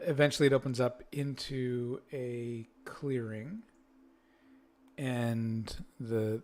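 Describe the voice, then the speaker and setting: A man running a tabletop game as game master, setting each scene at an unhurried, deliberate pace. His narration halts on fillers and restarts as he reads out the surroundings. His voice sits at an ordinary middle pitch. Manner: slow, halting narration with fillers.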